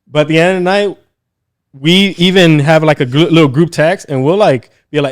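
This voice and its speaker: A man's voice: a little high, normal speed. A man co-hosting a casual podcast, talking bluntly and jokingly and acting out quotes. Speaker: podcast co-host.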